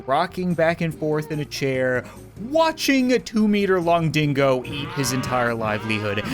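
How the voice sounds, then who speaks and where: A man doing comedic let's-play commentary, sarcastic and mock-indignant, laughing often. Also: on the high side. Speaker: gaming YouTuber.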